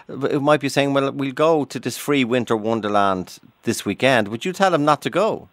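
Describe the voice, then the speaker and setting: A man hosting a radio phone-in, asking questions in a halting way with frequent restarts. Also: mid-range voice, fairly bright tone, dry recording. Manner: hesitant, restarts questions, many okays. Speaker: radio show host.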